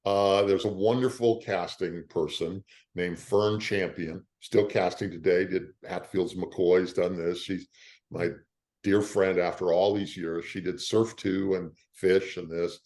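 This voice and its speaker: In a relaxed, unhurried interview, an older actor with a lowish voice tells stories in a casual, conversational way. He's animated and keeps slipping into the voices of the people he describes, acting out their lines.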